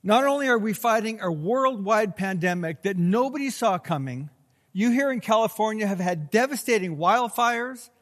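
A man's voice: high voice, animated, normal speed, a bit bright, long reverb tail. A man preaching a sermon, telling a personal story and acting out his own worried thoughts before reading scripture. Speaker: pastor.

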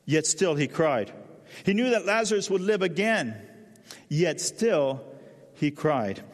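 A man preaching a sermon with feeling, dropping to a soft low voice at solemn moments. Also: lively intonation, takes it slowly, long reverb tail. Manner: emotional, drops to soft low voice at solemn lines. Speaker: pastor.

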